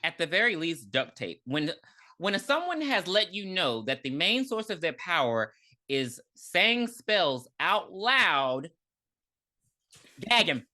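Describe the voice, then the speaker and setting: A woman with a somewhat low, bright voice co-hosts a casual podcast. She recaps the story in animated, slangy chat. She keeps breaking into other people's lines and laughing as she goes. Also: takes it slowly. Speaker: podcast co-host.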